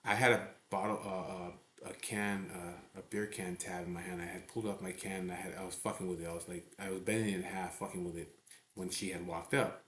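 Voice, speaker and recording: A man with a low voice tells a story in a blunt, profane, casual way, often checking in with his listener. He speaks from a garage hangout, and the room gives his voice a noticeable echo. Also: flat delivery, fairly quick, fairly bright tone, slight background noise. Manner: blunt, profane, keeps saying "you know what I mean". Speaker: biker club member telling a story. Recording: echoey room.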